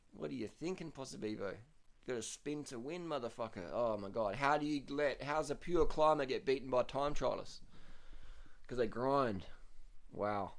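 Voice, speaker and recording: A man giving loose, profane commentary over cycling race footage, his voice jumping up high when he gets excited. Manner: swears often, voice jumps up when excited.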